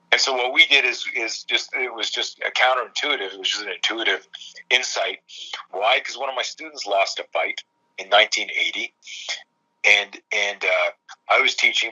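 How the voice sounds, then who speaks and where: A middle-aged coach with a husky, lowish voice who tells stories with force and acts out every quoted line. The sound is dull and lo-fi. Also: male voice, bright, forceful tone. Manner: fast, emphatic, acts out quoted dialogue. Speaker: self-defense coach. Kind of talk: animated storytelling in a podcast conversation.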